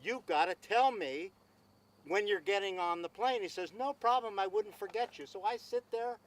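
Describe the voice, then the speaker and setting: A man's voice: high-pitched, moderate pace, poor audio. A man telling a long anecdote at an outdoor gathering, acting out both sides of a conversation and repeating himself as he goes. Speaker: speaker at a celebration. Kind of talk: storytelling speech.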